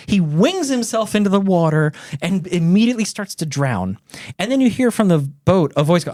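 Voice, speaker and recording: A man casually retelling a book's plot on a podcast, animated and profane, acting out the characters' lines. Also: high voice, normal speed, no echo, clean studio sound. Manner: animated storyteller, swears freely, acts out characters. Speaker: podcast host retelling a book. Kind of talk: casual chat.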